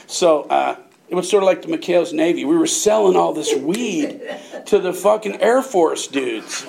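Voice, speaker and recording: A man's voice: sits high, gravelly. An older man telling a rambling, profane story in casual chat, often laughing as he talks. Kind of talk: casual anecdote.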